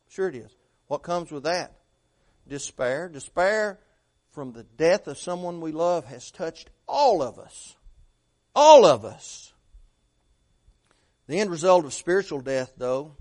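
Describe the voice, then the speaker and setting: A middle-aged man preaching a sermon, asking rhetorical questions and swinging between loud emphasis and hushed tones. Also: on the high side.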